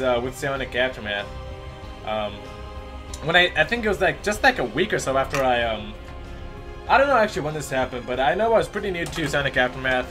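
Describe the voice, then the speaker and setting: A young man, an esports shoutcaster with a sore throat, telling a rambling, animated story between matches. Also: medium pitch. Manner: animated, rambling anecdote with lively voiced asides.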